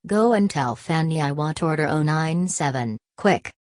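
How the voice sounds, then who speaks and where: A woman's voice: deep voice, lively intonation, normal speed, a little mellow, no echo, studio quality. A woman voicing a young male clerk who stays casual and unbothered. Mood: offhand.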